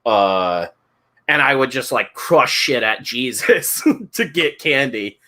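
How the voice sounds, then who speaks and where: Speaking slowly and expressively with a sharp tone at medium pitch, this thirty-something podcast co-host chats casually. He laughs while telling profane, rambling stories.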